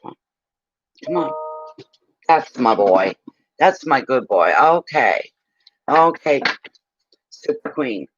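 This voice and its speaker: Brief: a tarot reader at home, blunt and salty-tongued, casual chat, muffled dry sound. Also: male voice, mid-range voice, dry recording. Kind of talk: casual livestream chat and readings.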